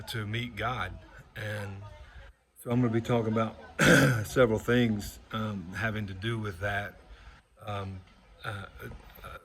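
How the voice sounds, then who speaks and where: A male preacher talking casually to the camera outdoors under a gazebo, in a halting way with lots of fillers and restarts. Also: lowish voice, fairly bright tone. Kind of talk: casual vlog chat. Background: faint outdoor ambience of waves, voices and traffic.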